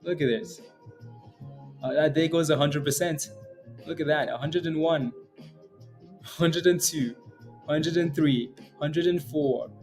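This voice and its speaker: Guy day-trading live, slightly high voice, jokey chatter, keeps saying right?, faint music under it. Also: slow, pauses often, darkish tone. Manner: chatty, joking, tags "right?" onto many lines. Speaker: day trading livestream host. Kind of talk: live stock chart commentary.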